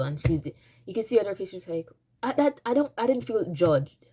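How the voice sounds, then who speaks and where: A woman's voice: mid-range voice, sing-song, normal speed, dark tone, slight background noise. A woman telling a casual storytime to her viewers, dramatic and rambling, restarting her sentences often. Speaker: vlogger. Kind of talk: storytime vlog, casual retelling.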